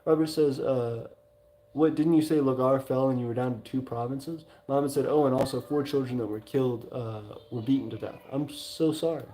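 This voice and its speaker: A man with a Southern US drawl reads his livestream chat aloud in a relaxed, mellow voice. He stumbles through it with frequent fillers and mild exclamations, keeping it casual. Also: mid-range voice, fairly quick. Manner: hesitant, many "uh" fillers, reacts with mild exclamations. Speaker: livestream host. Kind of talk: casual chat reading viewer messages aloud.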